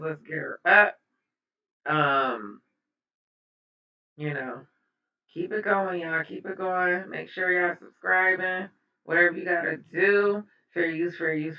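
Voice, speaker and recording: A woman's voice: low voice, measured pace. A woman hosting her own reaction channel, chatting casually and repeating herself as she opens a video. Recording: roomy, distant, dull sound.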